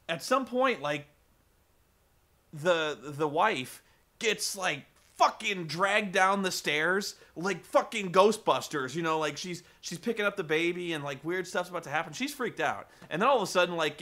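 A man vlogging a casual, profane rant about a film, rambling and animated with lots of swearing. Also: fairly high pitch.

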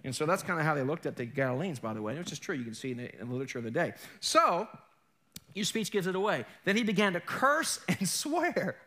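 Bright, high-voiced animated preacher man. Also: quick pace. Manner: animated storytelling, mimics accents, jokes with congregation. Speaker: pastor. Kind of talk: sermon.

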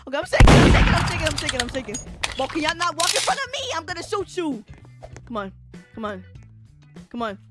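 Female streamer, live gaming commentary; high, bouncy delivery, quick to shriek and laugh. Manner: excitable, shrieks and laughs often.

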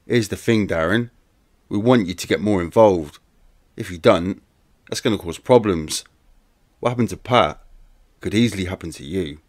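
Male reader as low-voiced gangster, flat and quietly threatening, dead-eyed. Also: normal speed, long pauses. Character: cold, menacing middle-aged gangster man.

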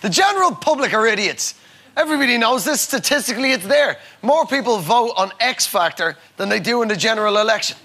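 Flippant male comic with gravelly edge. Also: very high-pitched, lively intonation, a little fast, bright, forceful tone, a faint crowd, slight background noise. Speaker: comedian panelist. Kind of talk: comedy panel debate.

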